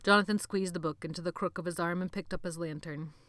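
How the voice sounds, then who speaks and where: A woman reading a novel aloud as narrator, at a slow, measured pace. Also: on the low side, steady tone, fairly bright tone, no room sound. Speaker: audiobook narrator. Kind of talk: scripted narration.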